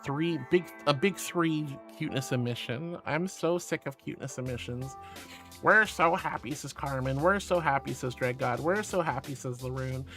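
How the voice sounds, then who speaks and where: A man's voice: mid-range voice, normal speed, bright, forceful tone, soft background music. A man streaming casually, playfully and affectionately reading chat aloud.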